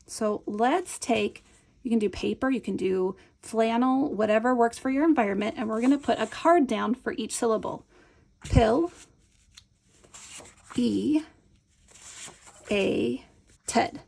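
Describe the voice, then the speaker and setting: A woman's voice: on the high side, normal speed, vocal fry, a little mellow. A woman teaching a hands-on reading lesson, patient and encouraging, often checking in with the viewer. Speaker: Montessori teacher. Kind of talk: instructional demonstration.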